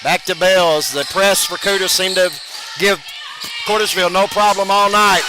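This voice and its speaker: A man doing brisk play-by-play commentary of a basketball game, his voice jumping up loud on big plays. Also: high-pitched, fairly even intonation. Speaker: play-by-play announcer. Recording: broadcast over loud gym noise.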